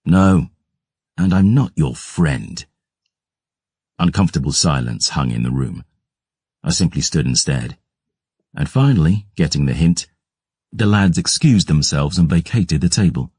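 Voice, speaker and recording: A man giving gruff, measured first-person audiobook narration. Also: rumbling low, lively intonation, a little mellow, no echo, studio quality.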